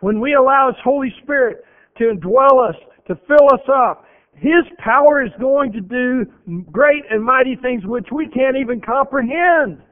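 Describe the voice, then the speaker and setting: A man's voice: very high voice, normal speed. A man preaching a sermon, earnest and emphatic, often repeating phrases for effect. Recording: tinny phone-like radio broadcast.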